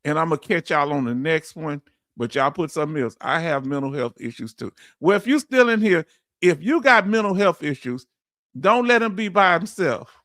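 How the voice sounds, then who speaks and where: A man's voice: fairly high pitch, animated, moderate pace, fairly bright tone, dry recording, clean studio sound. Heartfelt Texan man hosting a livestream. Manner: heartfelt, emotional, calls viewers family. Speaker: livestream host reading viewer chat. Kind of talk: casual livestream chat.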